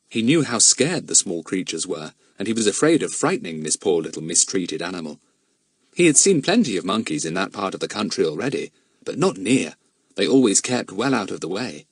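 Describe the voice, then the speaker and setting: A man narrating a children's adventure audiobook in an expressive storytelling manner. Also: fairly low pitch, normal speed, slightly rough, no echo, clean studio sound. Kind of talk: scripted narration.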